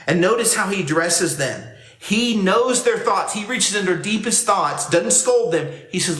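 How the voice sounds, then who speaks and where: A pastor delivers a sermon to a camera for an online service, relaxed and conversational, slipping into the quoted lines as he reads them. His voice sits a little high for a man and moves at normal speed. The room rings with a roomy echo.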